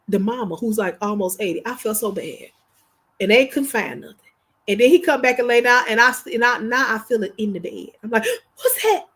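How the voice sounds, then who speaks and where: A woman chatting casually on a livestream, telling animated stories to her viewers in slangy, informal speech. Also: on the high side, husky. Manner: animated, chatty storyteller addressing viewers directly. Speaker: livestream host.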